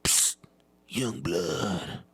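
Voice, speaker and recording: Man voicing an old bitter janitor, low pitch, gravelly, hushed ominous whispering, comedy podcast bit. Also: animated, unhurried, exaggerated voice. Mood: whispered beckoning. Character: bitter old male janitor, veteran worker.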